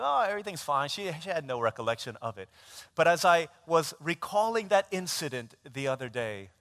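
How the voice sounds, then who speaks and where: Man, pastor, sermon, animated storytelling, bright forceful tone, long church reverb. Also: a little high. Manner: animated, self-mocking storyteller.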